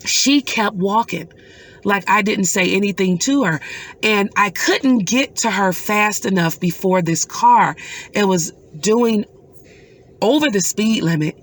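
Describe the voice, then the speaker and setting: A middle-aged woman, a mother, telling a personal story in an earnest, emotional way with pauses. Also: medium pitch. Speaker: mother recounting a dream.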